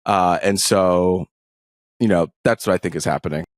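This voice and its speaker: Relaxed rambling man, podcast co-host. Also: low voice, normal speed, no room sound, studio quality. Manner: relaxed, rambling, many fillers. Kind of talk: casual chat.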